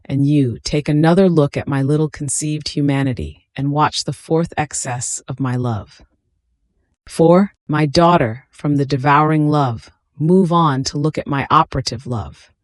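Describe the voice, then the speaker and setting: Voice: mid-range voice, measured pace, no echo, studio quality, natural voice. A reader voicing a tender pleading infant Christ. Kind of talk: devotional reading.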